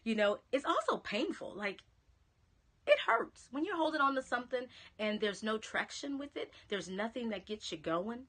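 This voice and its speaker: A woman's voice: on the high side, very animated, normal speed, fairly bright tone. A woman with a Southern American accent giving an encouraging live-stream pep talk, chatting to viewers and dropping to a whisper on key phrases. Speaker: motivational speaker. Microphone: phone or webcam live stream.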